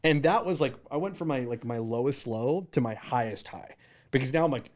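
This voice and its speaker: In an interview, a man in his thirties who founded a startup spins casual stories at a fairly quick clip in a mid-range voice. He gets animated, voicing other people's lines loudly as he acts them out.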